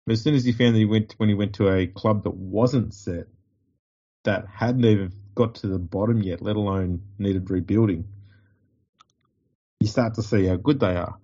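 A man's voice: fairly low pitch, steady tone, normal speed, mellow, husky, highs cut off. Blunt, swearing Australian man. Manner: blunt and profane, mocking impressions. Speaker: podcast co-host. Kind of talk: casual sports chat.

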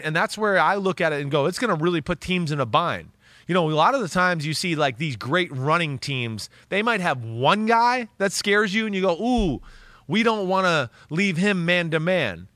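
A man talking football on a podcast, animated and blunt, swearing freely as he makes his case. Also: high-pitched, no echo. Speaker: football analyst. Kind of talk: casual podcast talk.

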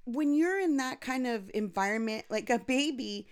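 A woman, a former NICU mom, telling stories in a lively, expressive casual chat. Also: fairly high pitch, normal speed, smooth. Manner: animated, expressive storyteller. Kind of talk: casual storytelling.

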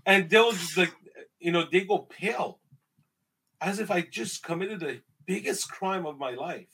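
A man's voice: high-pitched, measured pace, slightly rough, low-quality recording. A man with an Iranian accent, a podcast guest telling stories in a casual, emphatic way. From Iran. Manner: animated, emphatic storytelling. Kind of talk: casual conversation.

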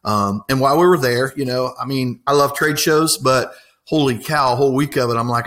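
An excited man tells a long story in a relaxed interview. His voice sits at a middling pitch, and his talk rambles, packed with fillers and restarts. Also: fairly quick. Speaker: apprenticeship coordinator.

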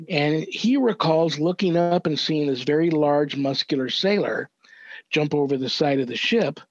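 An older man, a reverend, earnestly recounting a family story as a podcast guest, measured and thoughtful with small restarts. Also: medium pitch, no room sound. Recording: dull, dry lo-fi audio.

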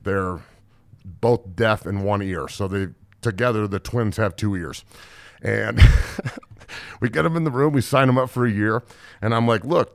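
A man's voice: lowish voice, no room sound. Blunt, profane man ranting on a podcast. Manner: profane, blunt, jokey, acts out quotes loudly. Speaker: podcast host and strength coach. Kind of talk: casual storytelling rant.

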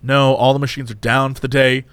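A man voicing a nervous young male fast-food worker who answers hesitantly and apologetically. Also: medium pitch, level tone, fairly bright tone, smooth, dry recording, voice pushed down, lightly acted. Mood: sheepish.

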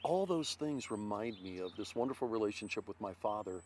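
With a voice on the low side and a brisk delivery, an older Ohio man who once pitched baseball shares stories as an interview guest. He animatedly acts out quotes at full volume in the casual chat, and the audio has a little hiss or hum.

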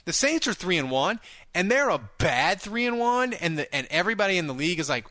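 A man hosting a casual sports talk show, animated and quick with asides, often repeating words as he thinks. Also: sits high, dry recording. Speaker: podcast host.

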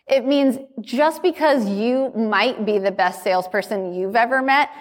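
Brief: upbeat woman coach addressing a conference room, animated delivery, reverberant hall sound. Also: fairly high pitch. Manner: chatty, animated, acts out quoted dialogue. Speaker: summit host and business coach. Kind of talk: energetic conference talk.

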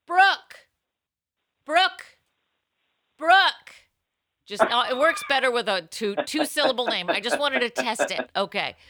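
Lively, bright-voiced woman podcast host. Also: fairly high pitch, brisk, few pauses, no room sound, studio quality. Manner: playful, bursts into yelling names and laughter; reads old newspaper columns aloud with wry asides. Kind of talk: casual comedic chat.

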